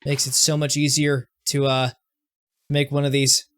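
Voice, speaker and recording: A young man giving casual gameplay commentary as a streamer, self-mocking and often stumbling over his words in quick restarts. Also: mid-range voice, monotone, fairly bright tone. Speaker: gaming streamer.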